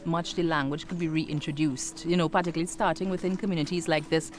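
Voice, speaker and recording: A woman's voice: sits low, steady tone, fast. A woman with a Trinidadian accent hosting a TV interview, encouraging her guests. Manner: encouraging, gives short affirming murmurs. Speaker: TV host.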